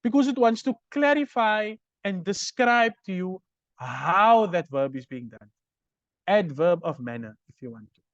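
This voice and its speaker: A man lectures on grammar, raising his voice high and swinging it widely. He speaks slowly, asks "right?" to check that his listeners follow, and the recording is dry and dull. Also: animated, fairly bright tone, no room sound. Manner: explains step by step, checks understanding with "right?". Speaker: Arabic grammar teacher.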